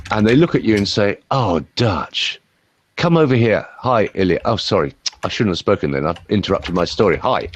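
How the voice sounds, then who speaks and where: Speaking straight to one viewer, a middle-aged man who coaches voices rambles playfully through a lively demonstration in a low voice, with slight background noise behind him.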